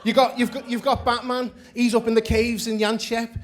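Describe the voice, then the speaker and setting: A man's voice: very high voice, little pitch movement, normal speed, a little hiss or hum. A young Australian man doing a crude, rambling stand-up set and laughing at his own jokes. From Perth, Australia. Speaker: stand-up comedian. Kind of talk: stand-up set and backstage chat.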